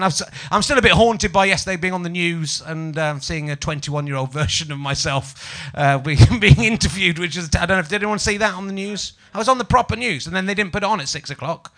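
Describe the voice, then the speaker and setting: A man's voice: sits high, fast, hardly any pauses, sharp tone. A man in his forties from Yorkshire hosting a live comedy podcast in front of an audience, chatty and self-mocking, teasing people in the crowd. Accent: Yorkshire English. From Yorkshire, England. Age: 40s. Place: small live venue with audience.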